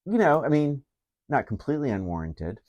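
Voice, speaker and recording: A woman's voice: very deep voice, big pitch swings, fairly quick, a little mellow. A woman co-hosting a podcast, chatting casually about a film with laid-back, wry reactions. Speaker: podcast co-host.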